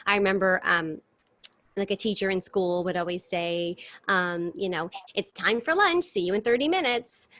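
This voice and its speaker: A woman's voice: medium pitch, normal speed, fairly bright tone, no room sound. A woman in her thirties, a stage performer, chatting animatedly about her career in a casual interview over a video call. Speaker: guest performer.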